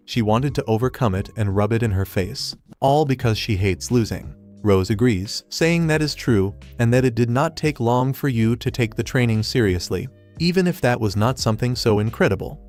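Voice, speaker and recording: A man narrates an anime recap in an even, steady manner. His voice sits in a middle pitch. Faint music plays behind him. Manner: even, steady retelling in third person.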